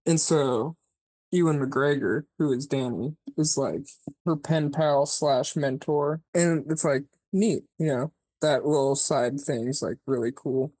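A podcast co-host casually retelling a movie plot, rambling and swearing, filling every pause with "like" and acting out the characters' lines. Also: mid-range voice, darkish tone, husky, no echo. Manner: rambling, profane, peppered with "like"; acts out characters' lines mid-story.

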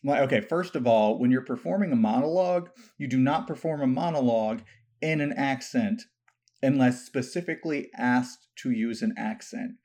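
A man's voice: medium pitch, moderate pace, a little mellow. Sarcastic man explaining things. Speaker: podcast co-host. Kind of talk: casual chat.

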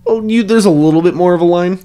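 A man's voice: sits high, fast, warm tone, smooth. A man co-hosting a podcast in casual chat, swearing freely and often restarting his sentences. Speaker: podcast co-host.

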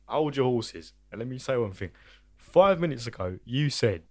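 A man's voice: mid-range voice, expressive, moderate pace, a little mellow, dry recording. A man as a podcast guest, laid-back but defensive in casual chat, ending points with "right?".

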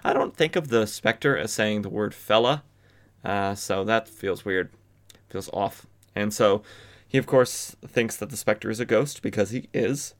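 Low-voiced man recapping old comics. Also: a little slow. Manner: chatty, lots of filler, wry asides. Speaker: podcast host. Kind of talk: casual comic book recap.

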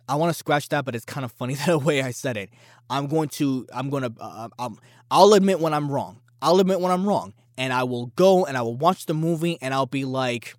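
A man's voice: mid-range voice, no echo, clean studio sound. A man hosting a casual opinion podcast, talking in a brash, boastful and challenging way. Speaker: podcast host.

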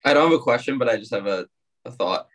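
Relaxed, musing man. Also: medium pitch, quick pace. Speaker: guest. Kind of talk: casual chat.

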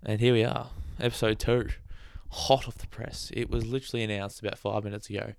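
A man with a lowish, smooth, clear voice talks through a casual solo podcast. He rambles along in a chatty way, tossing in sarcastic asides and laughing at his own jokes. The sound is dry and close, with no room echo. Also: steady tone, a little fast. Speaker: podcast host.

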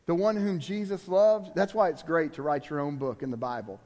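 A man's voice: a little high, steady tone, fairly quick, darkish tone, big-room sound. A man preaching as a guest preacher, emphatic and conversational, turning to the congregation with asides. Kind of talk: sermon.

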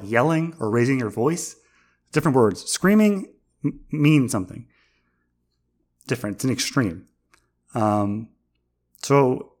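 A young man, a millennial, ranting in a rambling, sarcastic, mock-indignant way about everyday pet peeves. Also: medium pitch. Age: young adult. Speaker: vlogger. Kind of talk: casual comedic rant.

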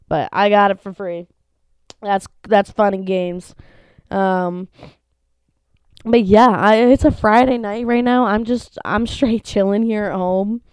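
A woman's voice: on the low side, clear, resonant tone, no echo. A young woman hosting a casual solo podcast, telling a story animatedly and acting out the people in it, with some swearing. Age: young adult. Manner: animated, swearing, acts out quoted voices. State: sneezy from allergies. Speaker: podcast host. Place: at home.

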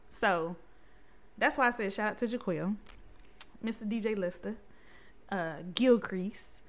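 Woman w/ aave, podcast host hyping up listeners, chatty, laughs a lot, goes quiet and whispery sometimes. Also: mid-range voice. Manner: chatty, laughs often, lively. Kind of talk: casual motivational monologue.

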